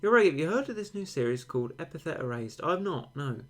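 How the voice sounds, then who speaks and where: A man's voice: a little high, big pitch swings, fast, faint music behind. A young man, a game streamer, chatting casually and rambling, answering viewer comments with mock-dramatic overstatement.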